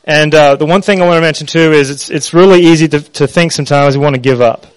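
A man preaching a sermon in an earnest, halting way, with many pauses and fillers. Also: on the high side, clear, resonant tone, no room sound, low-quality recording.

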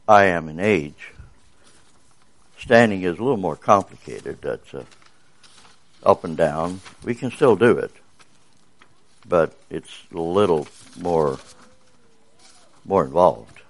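An older man with a bass voice gives a sermon. His pitch sits low, and he talks in a folksy, rambling way with frequent fillers. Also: animated, takes it slowly, pauses often. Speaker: visiting preacher.

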